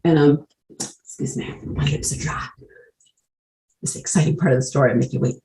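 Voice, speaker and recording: Creaky-voiced woman telling her story bluntly. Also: deep voice, steady tone, normal speed, dark tone, a little hiss or hum, poor audio. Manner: blunt, swears freely, leans on "like" fillers. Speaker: speaker sharing her recovery story. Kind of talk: candid personal storytelling. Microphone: video call.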